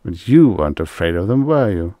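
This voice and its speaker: A man's voice: low voice, very animated, fairly quick, mellow, dry recording, clean studio sound. A man voicing a cruel male expedition leader who speaks with mocking geniality.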